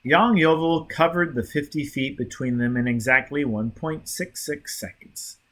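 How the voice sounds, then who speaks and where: A man narrating an audiobook in a lively, dramatic reading. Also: medium pitch, measured pace. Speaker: audiobook reader.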